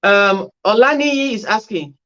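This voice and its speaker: A woman's voice: mid-range voice, expressive, a little slow, fairly bright tone. Female host of a casual livestream Q&A, reading viewer comments and giving friendly practical answers; dull, lo-fi audio. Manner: reads viewer comments aloud and answers with chatty advice. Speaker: care worker hosting a Q&A livestream.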